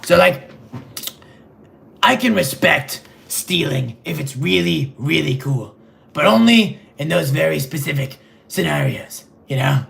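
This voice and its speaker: A vain, clueless superhero, voiced by a man in a comedic livestream sketch. He rambles in a deadpan, self-absorbed way. His voice is heavily gravelly and sits a little high for a man. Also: a little slow, heavily acted. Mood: deadpan rambling.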